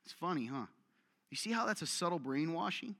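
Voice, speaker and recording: Energetic bright-voiced male preacher in a reverberant hall. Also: fairly high pitch, brisk. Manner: energetic and direct, full of rhetorical questions and self-deprecating humor. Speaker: pastor. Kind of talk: sermon.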